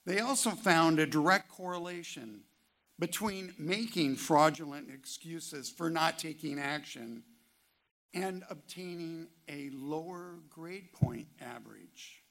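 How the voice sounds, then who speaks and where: Male pastor for a sermon: unhurried, emphatic delivery, gravelly tone. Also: fairly high pitch, a bit bright. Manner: rhetorical questions, slow emphatic delivery; reads scripture quotes aloud. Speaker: preacher.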